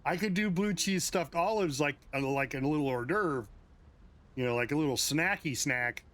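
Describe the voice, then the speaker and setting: A man's voice: a little high, moderate pace, fairly bright tone. A man from the United States, a game streamer casually chatting and reacting to his viewers' comments with chuckles and asides. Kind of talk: casual chat with live viewers.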